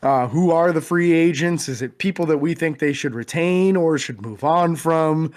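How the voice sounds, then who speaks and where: Higher-voiced man breaking down players. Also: normal speed, darkish tone. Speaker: podcast co-host. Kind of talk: casual sports podcast chat.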